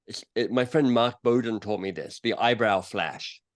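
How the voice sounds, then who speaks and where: Speaking at a normal speed in a fairly low voice, a man is the guest author and coach on a podcast interview. He tells stories with energy, dramatizing little quotes as he goes.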